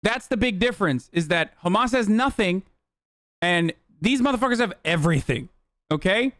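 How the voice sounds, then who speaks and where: A man's voice: high voice, animated, moderate pace, a bit bright, no room sound, clean studio sound. A male streamer giving blunt, profane, exasperated reaction commentary.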